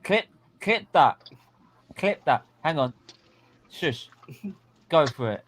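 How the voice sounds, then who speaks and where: A man's voice: on the high side, slow pace, low-quality recording. A man hosting a live football watchalong, chatting casually and eagerly. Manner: lively, laughing, eager.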